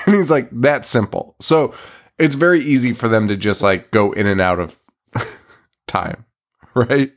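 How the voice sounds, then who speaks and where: A man's voice: mid-range voice, measured pace, pauses often. A man hosting a podcast, recapping a movie plot in casual chat, rambling, laughing often and swearing freely. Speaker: podcast host.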